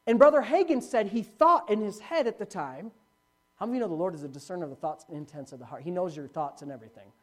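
A man preaching a sermon as pastor, telling a story with swings from loud to hushed. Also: high-pitched, expressive, fast.

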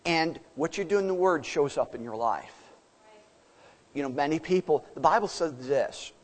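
A man's voice: fairly high pitch, lively intonation, normal speed. A man preaching a sermon as pastor, emphatic and folksy, asking his listeners questions.

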